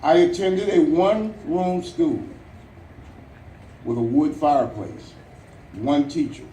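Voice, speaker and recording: A man from Louisiana giving an earnest, rousing ceremonial speech outdoors, with dramatic pauses and light jokes. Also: fairly high pitch, warm tone, a little hiss or hum. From Louisiana, United States. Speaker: Veterans Day ceremony speaker. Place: outdoor memorial ceremony at a national cemetery. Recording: echoey, distant, faint outdoor ambience.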